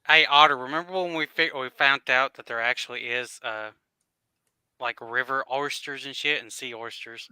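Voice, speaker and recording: Man, very bright tone, smooth clear voice, teasing, casual chat. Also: mid-range voice, moderate pace, no room sound. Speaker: stream co-host.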